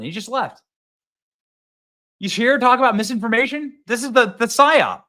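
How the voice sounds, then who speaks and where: A man in his thirties hosting a political commentary show, excitable and mocking, and he laughs often. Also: very high voice, normal speed. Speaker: host.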